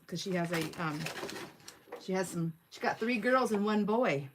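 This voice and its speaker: A woman's voice: fairly low pitch, normal speed, a little hiss or hum. A woman in her sixties hosting a crafting livestream, chatting casually and giggling as she narrates each step of her work. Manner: chatty, giggly, thinks aloud while working.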